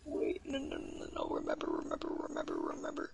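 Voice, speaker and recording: A man chatting casually while playing a game with a friend. He talks in a raspy, often half-whispered, jokey and rambling way. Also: extremely low pitch, huge pitch swings, fast, heavy background noise. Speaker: gamer. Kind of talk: casual gaming chat.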